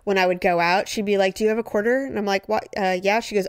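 Animated woman, bone-dry studio sound. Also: fairly quick, no room sound. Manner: animated storyteller, mimics parents in high voices, laughs often. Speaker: podcast co-host. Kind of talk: casual chat.

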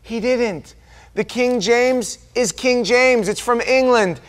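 An American man preaching a sermon as pastor, animated, quoting voices and dropping suddenly to quiet asides. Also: very high voice, slow.

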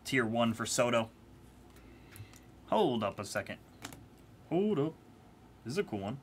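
A man's voice: medium pitch, big pitch swings, measured pace, slight background noise. Playful man hosting a card break. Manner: playful, chatty, teasing the chat. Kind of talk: casual live-stream commentary.

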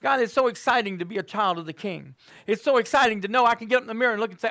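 A man preaching a sermon and praying in a church, swinging between hushed words and loud fervent exclamations. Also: sits high, lively intonation, fast, vocal fry, hardly any pauses. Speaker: guest preacher. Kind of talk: sermon and closing prayer. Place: church sanctuary.

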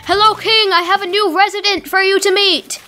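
Woman let's-play host, excitable running commentary, high and bright-sounding, faint game music under her. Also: moderate pace. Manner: excitable, talks to game characters. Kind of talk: casual gameplay commentary.

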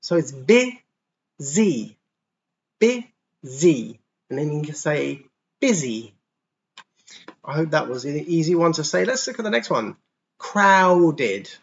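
A man teaching English to young children online, explaining words patiently and sounding them out slowly and clearly. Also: a little high, big pitch swings, a bit bright, dull audio. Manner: patient, slow, over-articulated pronunciation demos. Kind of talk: online class for kids.

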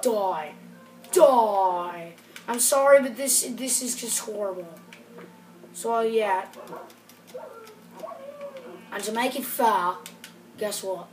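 A woman hosting a gameplay video, chatting casually in a rambling, excitable way and apologising often. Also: mid-range voice, recorded from a distance, noisy background. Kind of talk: casual game commentary. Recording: roomy sound from off the mic with music behind.

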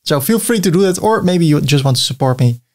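A man explaining a website builder step by step in a screen-recorded tutorial, thinking aloud as he clicks, with a few filler pauses. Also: on the high side, animated. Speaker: web design tutor.

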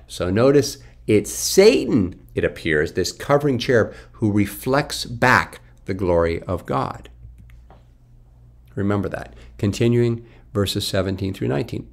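A man with a fairly low, creaky voice teaches from the Bible. In this Bible study commentary, he reads scripture aloud and then explains it using emphatic questions.

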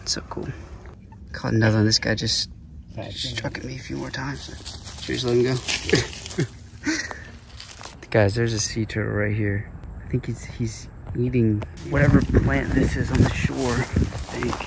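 A young man with a casual, excited manner narrates an outdoor reptile-spotting vlog in a park, often talking softly to the animals. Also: mid-range voice, normal speed. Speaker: reptile vlogger. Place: outdoors in a state park and an alligator farm. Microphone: camera-mounted shotgun mic. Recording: outdoor recording with clear background noise.

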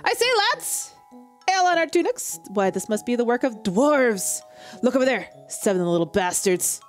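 A woman's voice: on the high side, big pitch swings, normal speed, faint music behind. A woman voicing an indignant posh male musketeer in a game playthrough.

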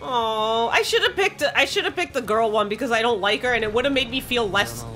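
Woman let's-play host, lively swooping pitch, foul-mouthed and easily panicked. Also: fairly quick, faint music behind. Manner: excitable, swears a lot, shrieks when panicked. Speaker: gaming streamer.

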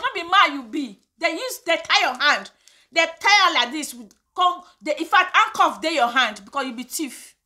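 Nigerian lady vlogger going off, high voice, fiery and indignant, switching into pidgin. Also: animated, moderate pace, pushed and bright. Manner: impassioned, indignant, slips into Pidgin. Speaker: vlogger host. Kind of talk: casual opinion vlog rant.

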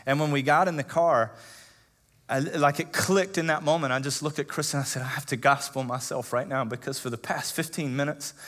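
A thirties-aged male pastor preaches through personal anecdotes, speaking conversationally and filling gaps with lots of fillers. He sinks to hushed tones, then swells into loud, emotional emphasis. His voice sits slightly high with fairly even intonation, and he talks a touch quickly.

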